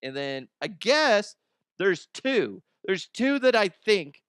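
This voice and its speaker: A man's voice: sits high, big pitch swings, fairly bright tone, clean tone, no room sound, studio quality. Crude, laughing male podcast host. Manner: crude, irreverent, quick to laugh. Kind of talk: comedic podcast mailbag.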